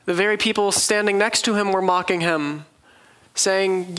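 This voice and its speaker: A man's voice: high-pitched, fairly even intonation, normal speed, fairly bright tone, clear, resonant tone, low-quality recording. A man preaching a sermon, telling the story earnestly and vividly.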